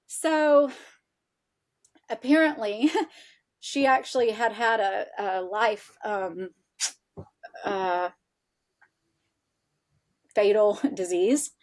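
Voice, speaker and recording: A woman guest on a podcast, chatty and animated, sprinkling in "like" and acting out what people said as she tells a personal story. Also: mid-range voice, extremely slow, long pauses. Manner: animated, chatty, frequent "like" fillers, acts out quoted dialogue. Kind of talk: casual storytelling in a podcast interview.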